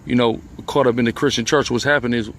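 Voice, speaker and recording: A man's voice: mid-range voice, fairly even intonation, fast, a bit bright, a little hiss or hum. A man from a religious group talking in an outdoor interview, often adding "you see what I'm saying". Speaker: member of a religious organization. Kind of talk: casual interview talk.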